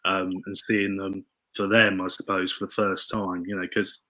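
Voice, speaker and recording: A man telling stories as a podcast guest, excitable and tripping over his words. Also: low-pitched, moderate pace, rough recording. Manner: excitable, tumbling restarts. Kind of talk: casual storytelling interview.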